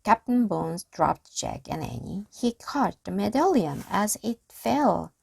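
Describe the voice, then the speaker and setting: A woman reading a children's chapter book aloud, slow and expressive. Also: mid-range voice, creaky, husky, no room sound. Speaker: reader.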